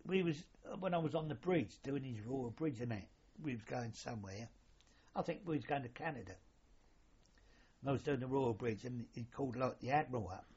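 Older man, husky, plain middle pitch, rambling chatty storyteller, dull lo-fi recording. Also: a little fast, darkish tone. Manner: rambling, colloquial, mild swearing. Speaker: interviewee, former royal yacht sailor. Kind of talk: casual reminiscing.

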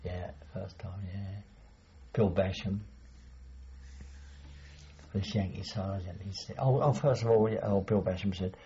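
A man's voice: deep voice, steady tone, a little slow, pauses often, mellow. An older man recalling wartime memories in an oral history interview, rambling and hesitant, chuckling as he remembers. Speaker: veteran interviewee. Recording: dull lo-fi recording.

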